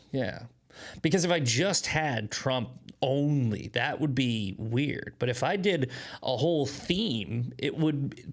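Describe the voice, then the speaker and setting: Rambling, animated male livestream host. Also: mid-range voice. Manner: rambling, animated, self-mocking, lots of restarts. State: short on sleep, drinking coffee. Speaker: host of daily news commentary show. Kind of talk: casual livestream chat.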